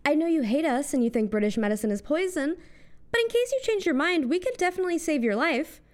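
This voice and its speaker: A woman doing a quick comic voice of casual, chummy male doctors. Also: high voice, animated.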